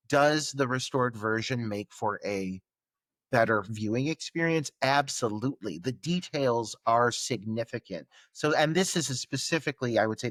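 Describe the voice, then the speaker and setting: A man's voice: medium pitch, fairly bright tone, no echo. A man co-hosting a film podcast in casual chat, chatty and loose. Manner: chatty, many fillers and restarts. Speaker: podcast co-host.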